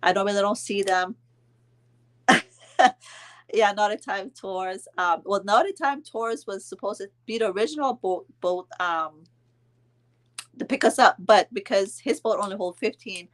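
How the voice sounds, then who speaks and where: A woman in her thirties casually telling a vacation story to her viewers, chatting along with their comments and filling pauses with "um". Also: medium pitch. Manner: chatty, answers viewer comments, frequent ums and laughs. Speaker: vlog host telling a story to live viewers.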